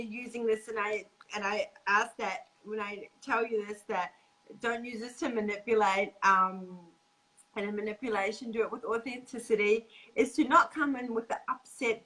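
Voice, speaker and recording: A woman hosting a casual chat about relationships, earnest and quick to laugh, acting out what men say. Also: on the high side, a bit bright, poor audio. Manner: earnest, laughs often, acts out quoted men. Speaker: podcast host.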